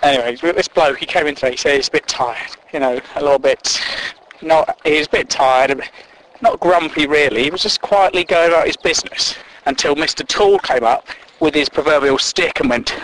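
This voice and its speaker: A man's voice: fairly high pitch, normal speed, a bit bright, slight background noise, rough recording. A man, a podcast host telling comic workplace stories and mocking coworkers with silly put-on voices. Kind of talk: comedic solo storytelling.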